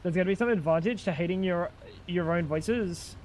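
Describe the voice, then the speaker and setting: High-voiced joking young streamer guy. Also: brisk, a little mellow, slight background noise. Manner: joking, chatty, talks back to chat. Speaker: livestreamer. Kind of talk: casual gaming stream chat.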